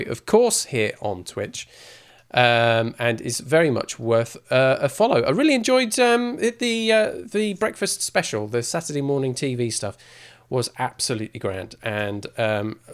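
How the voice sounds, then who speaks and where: A man giving casual, rambling gameplay commentary as a streamer, with self-mocking asides. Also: medium pitch. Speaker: game streamer.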